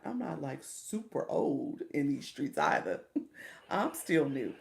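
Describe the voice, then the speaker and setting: Middle-aged female streamer-coach, low and very fry-heavy, chatty and encouraging, greets viewers by name. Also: a little mellow. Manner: encouraging, coaching tone with repeated "okay?". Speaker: livestream host and coach. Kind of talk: casual livestream chat.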